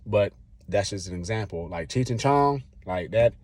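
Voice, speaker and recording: A man's voice: fairly low pitch, lively intonation, moderate pace, darkish tone, no echo. A man vlogging, telling a personal story in a casual, rambling way, acting out what he said back then in slangy talk. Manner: rambling, acts out his own past lines.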